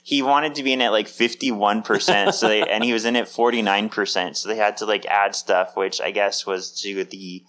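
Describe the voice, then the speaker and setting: A man's voice: on the low side, steady tone, moderate pace, hardly any pauses, fairly bright tone. A man co-hosting a podcast in casual chat, talking in an upbeat, chatty way with lots of fillers. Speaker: podcast co-host.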